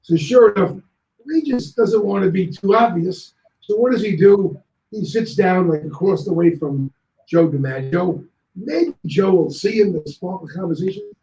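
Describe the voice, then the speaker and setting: A male guest on a talk show telling anecdotes in a lively way and acting out other people's lines. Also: high voice, normal speed, reverberant, rough recording. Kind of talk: anecdotal storytelling.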